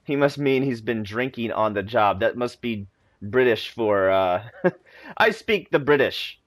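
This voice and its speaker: A man's voice: medium pitch, lively intonation, measured pace, no echo. A young man giving casual, chatty commentary on a video game, wondering aloud as he plays.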